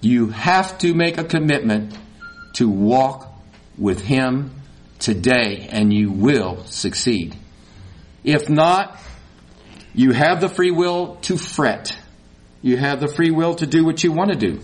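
A man preaching a sermon in a folksy, animated way, rising to high emphatic peaks. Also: slow, pauses often. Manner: folksy, says y'all.

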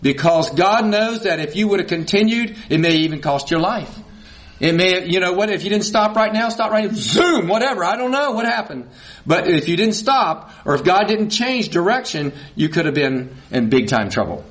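A man's voice: sits high, expressive, moderate pace, a bit bright, poor audio. A man preaching a sermon, reading scripture and leading the congregation to say lines back, with folksy asides. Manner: leads congregation in call-and-response, folksy asides.

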